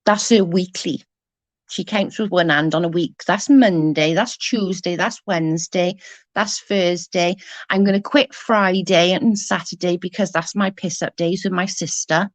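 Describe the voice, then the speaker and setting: A woman's voice: lowish voice, unhurried, no echo. A woman in her forties with a Newport Welsh accent, ranting casually in a blunt, sweary and sarcastic way. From Wales. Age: 40s. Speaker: vlogger.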